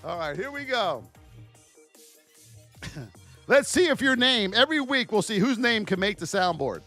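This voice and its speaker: A man's voice: sits high, sing-song, measured pace, sharp tone, faint music behind. A man hosting a live stream, calling out stock price levels and joking energetically with his viewers. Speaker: trading educator. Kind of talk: live-stream market commentary.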